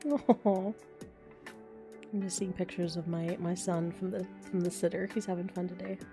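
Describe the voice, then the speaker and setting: A woman's voice: lowish voice, fairly even intonation, normal speed, over music. A woman in her thirties chatting casually and rambling on a livestream, often making fun of herself. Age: 30s. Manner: chatty, rambling, self-deprecating. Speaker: voice actor and streamer.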